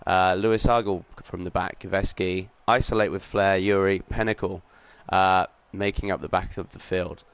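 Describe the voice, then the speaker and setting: A man's voice: deep voice, flat delivery, moderate pace, few pauses, clean tone, no echo. Chatty male sim racing commentator. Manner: chatty, upbeat, lots of ums and uhs; greets chat viewers while commentating. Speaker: league race commentator and stream host.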